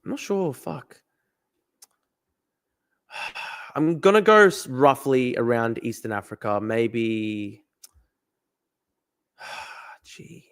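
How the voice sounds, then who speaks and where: A man streaming a guessing game, thinking aloud, swearing and getting excited. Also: medium pitch, drawn-out words, long pauses, clean tone. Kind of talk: live-stream commentary while playing a guessing game.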